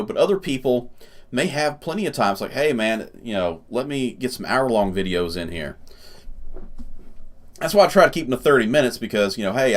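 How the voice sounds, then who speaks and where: Chatty male let's-play host. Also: lowish voice. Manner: rambling and chatty, full of fillers. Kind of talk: casual gameplay commentary, reading game text aloud.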